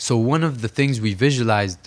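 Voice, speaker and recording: A young professional boxer from Saudi Arabia, guesting on a podcast, talks fast at a medium pitch. He relates his story earnestly and with emphasis, repeating phrases to stress them.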